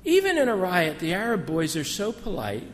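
Fretful middle-aged wife, pitched high and tight, played by a man retelling a story. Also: wildly swooping pitch, normal speed, in a large hall. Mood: amused.

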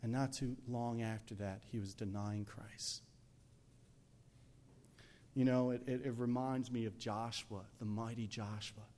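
Preaching a church sermon in an unhurried mid-range voice with long pauses, a man stays lively and conversational. He acts out scenes, alternates between shouts and whispers, and says "you know" often. A little hiss or hum can be heard.

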